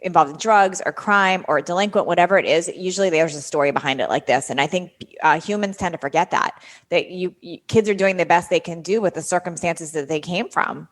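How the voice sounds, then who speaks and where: A calm, affirming woman hosts a podcast interview and asks her guest gentle, probing questions. Her voice sits on the low side. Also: brisk. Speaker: podcast host.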